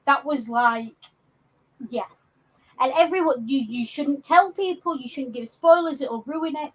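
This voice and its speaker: A podcast co-host from England talks films in a relaxed way, full of ums and false starts. Her voice sits high and unhurried, captured on a low-quality recording.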